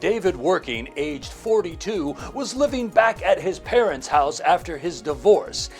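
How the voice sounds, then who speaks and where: A man delivering a mock newscast and documentary narration with a deadpan, mock-serious tone. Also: sits high, unhurried, faint music behind. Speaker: comedy news anchor and narrator.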